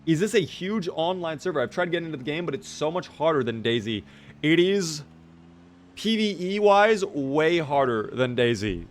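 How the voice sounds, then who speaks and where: A hoarse man commentating his own gameplay live, chatting with viewers and answering their questions. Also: mid-range voice, fairly bright tone. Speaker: streamer.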